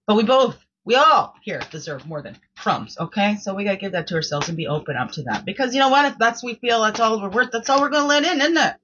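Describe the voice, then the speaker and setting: A woman's voice: mid-range voice, sing-song, fast talker, hardly any pauses, a bit bright, muffled recording, slight background noise. A woman hosting her own daily reflection show, reading quotes and chatting casually, often repeating words and asking "right?".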